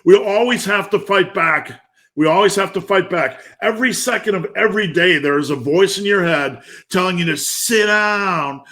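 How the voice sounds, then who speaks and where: A man's voice: high-pitched, normal speed, pushed and bright. Intense, foul-mouthed man in his fifties. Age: 50s. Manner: intense, blunt, heavy swearing. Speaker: motivational speaker. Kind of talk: profane motivational rant.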